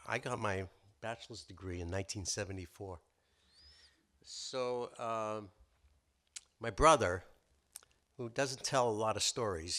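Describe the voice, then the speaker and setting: A man in his sixties telling a story live at a story slam, animated and jokey, with uh and so. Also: lowish voice. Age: 60s. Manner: animated joke-telling with filler words.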